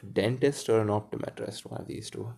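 A man reads a story aloud, pausing for musing asides. His voice sits low with a gravelly texture and a mellow, dark tone. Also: fairly even intonation. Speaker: reader and commentator. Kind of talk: reading a story aloud with commentary.

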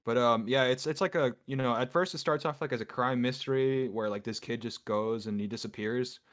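A man's voice: mid-range voice, fairly quick, fairly bright tone. A man co-hosting a podcast, talking casually and rambling with lots of fillers. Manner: rambling, heavy use of fillers like "you know". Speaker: podcast co-host. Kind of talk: casual chat.

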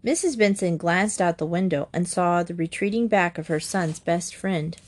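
A woman narrating a children's chapter book aloud in a gentle, steady manner. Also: lowish voice, moderate pace. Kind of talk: storybook reading aloud.

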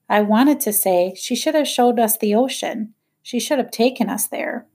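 Woman reading a kids' book chapter out loud, calm steady first-person telling. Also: medium pitch. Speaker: audiobook reader. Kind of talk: reading a children's novel aloud.

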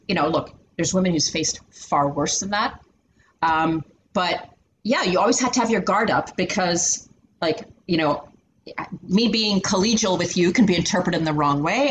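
Animated middle-aged woman telling stories. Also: on the low side, slight background noise, low-quality recording. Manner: animated, heavy "you know" fillers. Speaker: interview guest, finance executive. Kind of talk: candid storytelling in conversation.

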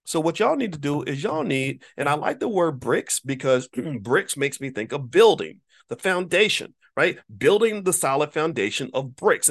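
Emphatic preachy man talking to viewers. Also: on the high side. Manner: emphatic, preachy, with casual profanity; repeats words when restarting a thought. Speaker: online commentator. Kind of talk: casual monologue to viewers.

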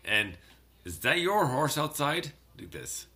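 A man's voice: mid-range voice, very animated, takes it slowly, sharp tone. A man hosting a casual radio music show, rambling and laughing easily between tracks. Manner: laid-back, rambling, laughs often. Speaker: radio host.

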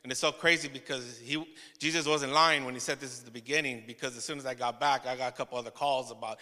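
A man preaching a testimony sermon to his church, telling the story with laughing asides and halting restarts. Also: mid-range voice, steady tone, sharp tone, long reverb tail. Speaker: pastor.

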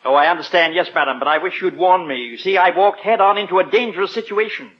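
An actor playing a prim English butler with dry wit, speaking formally and deferentially in a radio sitcom. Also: male voice, high voice, fast, natural voice. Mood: polite, sly. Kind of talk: 1940s radio sitcom acting. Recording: muffled old radio recording, faint hiss.

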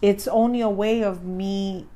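A woman's voice: medium pitch, a little slow. Chatty woman podcast co-host. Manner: chatty, rambling, animated retelling. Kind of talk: casual chat.

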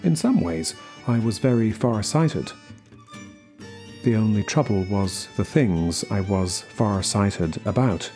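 A man reading a short story aloud as the narrator, in slow, measured scripted narration. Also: lowish voice, animated, warm tone, faint music behind. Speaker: story reader.

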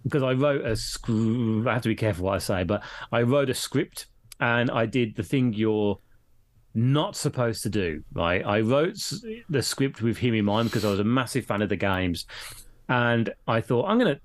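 A man's voice: mid-range voice, moderate pace. A middle-aged man from Britain, a guest in casual chat, who rambles, restarts often and laughs a lot while telling stories. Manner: rambling, laughs often, voices others in anecdotes.

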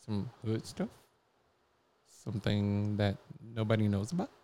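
A man with a slight Southern twang, co-hosting a casual podcast chat in an animated, playful way, laughing often. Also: lowish voice, measured pace, slight background noise. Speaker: podcast co-host.

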